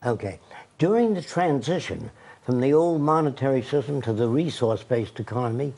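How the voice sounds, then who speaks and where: Older man, interview guest, lecturing, insistent, middle pitch. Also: animated, normal speed, warm tone. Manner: insistent, lecturing, tells anecdotes. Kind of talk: radio interview.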